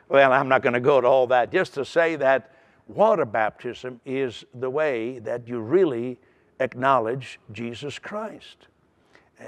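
A man preaching a sermon in an earnest way, often restarting and repeating words. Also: mid-range voice.

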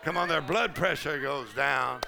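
A man preaching at a conference, shouting and laughing loudly as he preaches. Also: on the high side, unhurried, creaky, noisy background. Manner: shouting, laughing loudly, Southern colloquial speech. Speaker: pastor. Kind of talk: charismatic preaching sermon. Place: large conference hall.

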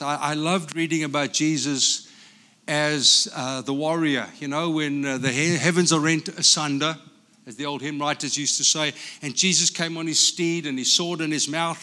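A man from Africa, a pastor, preaching a sermon in an animated, storytelling way. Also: a little high.

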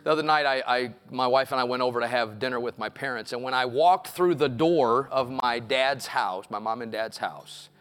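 A middle-aged man, preaching a sermon in a church and telling a personal story that builds to loud, impassioned preaching. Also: medium pitch, normal speed, hardly any pauses. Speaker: pastor. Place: church sanctuary.

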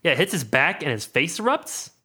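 A young man narrating as game master in a tabletop game, in a joking, animated way. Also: a little high, brisk, slightly rough.

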